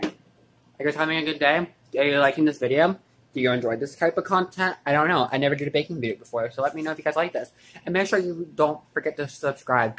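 A man's voice: on the high side, fairly bright tone, breathy edge. A young man chatting casually in his home kitchen while baking for his vlog, rambling and self-mocking, with lots of fillers and swearing. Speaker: vlogger.

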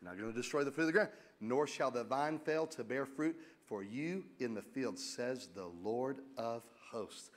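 Animated middle-aged male pastor preaching. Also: medium pitch, normal speed, few pauses. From United States. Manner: animated, joking, bursts into loud exclamations. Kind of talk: sermon.

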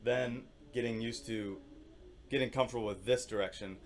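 A man teaching orchestral percussion, explaining calmly with many fillers and singing rhythms on syllables. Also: mid-range voice, normal speed, slight background noise. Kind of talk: instructional demonstration.

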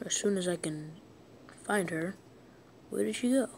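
A woman playing a video game and talking to her viewers, goofy and excitable, yelping and shouting at the game as it goes. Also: mid-range voice, measured pace, creaky, slightly rough. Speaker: gaming video host. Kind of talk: let's-play commentary.

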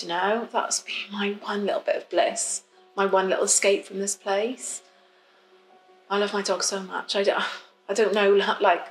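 A woman's voice: mid-range voice, fairly bright tone, echoey room, lightly acted, low-quality recording. An actress playing a fed-up woman, stuck in lockdown with her partner, confiding in a rambling, apologetic way. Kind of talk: confessional monologue.

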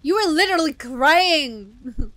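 Very high-pitched excitable woman. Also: slow pace, no echo. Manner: excitable, exclaiming and laughing. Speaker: anime reaction host. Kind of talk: live reaction commentary.

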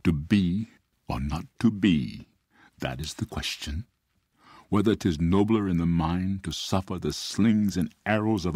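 A man's voice: sits low, a little mellow, husky, dry recording, clean studio sound. A male actor reciting a Shakespeare soliloquy with grave, weighty delivery.

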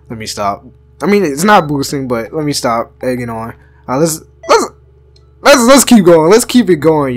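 A young man giving excited, slangy let's-play commentary and talking back to the game. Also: medium pitch. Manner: hyped, slangy, talks back to the game, many restarts. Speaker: gaming YouTuber.

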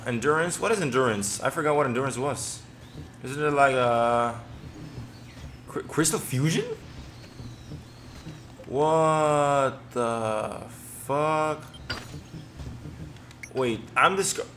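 A young man giving casual gameplay commentary, excitable, often stammering and swearing as he reacts. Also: mid-range voice, slight background noise. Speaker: gaming commentator.

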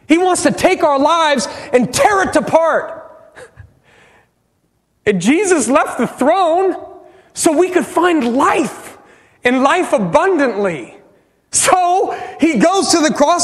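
A man preaching a sermon as pastor, passionate, swinging from loud bursts to hushed pleas. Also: very high voice, big pitch swings, slow pace, long pauses, long reverb tail. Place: church sanctuary.

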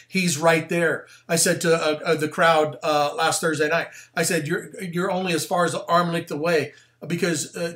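A pastor delivers a loose, conversational sermon, often breaking off for asides. He is a man with a slightly high, bright voice that swings freely up and down. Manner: animated and conversational, with plain slang and asides. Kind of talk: casual sermon.

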